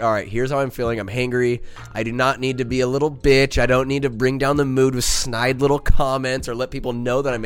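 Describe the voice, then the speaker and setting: A man's voice: medium pitch, clean tone. A young man hosting a podcast, telling a rambling, profane, self-mocking story in casual monologue. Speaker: podcast host.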